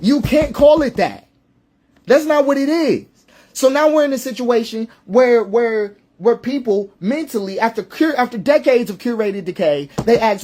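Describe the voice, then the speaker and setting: A man's voice: high-pitched, lively intonation, moderate pace, a little mellow. A man delivering an impassioned spoken monologue. He speaks emphatically, asks rhetorical questions, reels off lists and repeats phrases for effect, and sometimes stops and restarts mid-sentence. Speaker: social commentator.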